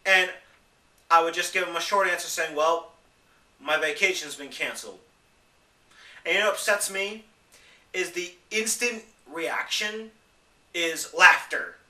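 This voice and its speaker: High-voiced upset young man ranting. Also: measured pace, long pauses, sharp tone, roomy sound, distant mic. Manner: emotional, restless, mocks others in high voices. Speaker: vlogger. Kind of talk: upset personal rant to camera.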